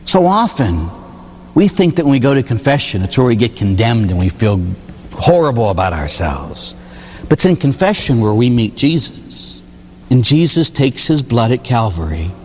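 A Catholic priest giving an emphatic, animated sermon, jumping to sudden high exclamations. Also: male voice, normal speed, in a large hall, slight background noise.

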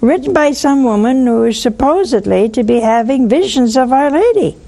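A woman's voice: high-pitched, moderate pace, creaky. An older woman giving spoken religious teaching on a call-in show, acting out little dialogues as she talks. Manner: lively, acts out little dialogues. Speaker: nun hosting a call-in show.

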